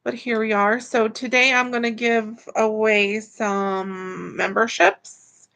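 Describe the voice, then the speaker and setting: A woman's voice: a little high, flat delivery, slow, vocal fry, fairly bright tone. A tired woman hosts a casual livestream from home, greeting viewers by name. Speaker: livestream host.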